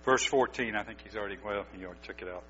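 A man's voice: on the low side, rapid-fire, bright, forceful tone. A man preaching a sermon as pastor, exhorting his listeners with emphatic, urgent delivery. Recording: dull lo-fi recording with mains hum.

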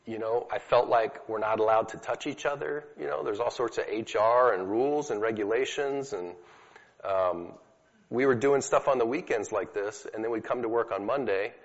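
A man's voice: mid-range voice, moderate pace. Man teaching in an echoey hall. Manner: storytelling, casual with fillers. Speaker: speaker teaching about healing prayer. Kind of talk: conversational teaching talk to an audience. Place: hall with a live audience. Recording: dull lo-fi recording in an echoey hall.

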